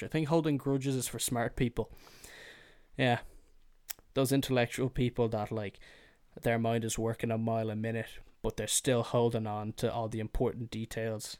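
A man of middle pitch rants alone on his podcast, swearing freely and getting worked up. He keeps slipping into whiny mocking voices to make his point. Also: darkish tone, smooth. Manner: profane, heated, swears freely; slips into mocking whiny impressions. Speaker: podcast host. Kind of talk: solo ranting monologue.

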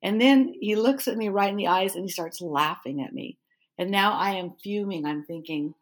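A woman's voice: lowish voice, normal speed. A middle-aged woman, a pastor and author, telling a personal story in an interview and acting out the dialogue and her own thoughts. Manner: animated, acts out remembered inner thoughts and dialogue.

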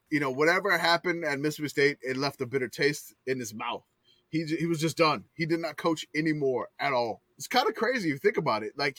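A man hosting a podcast in casual chat, animated as he reels off old sports records and comments on them. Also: on the high side, dry recording. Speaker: podcast host.

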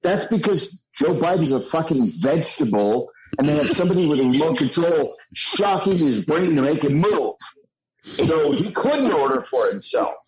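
A man in casual podcast chat, making crude deadpan jokes. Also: a little high, moderate pace, low-quality recording.

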